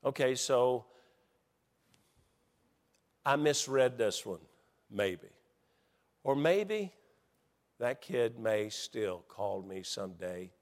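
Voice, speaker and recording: A middle-aged man preaching a sermon as pastor, stumbling through restarts and building into excited storytelling. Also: medium pitch, very slow, pauses often. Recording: long hall reverb.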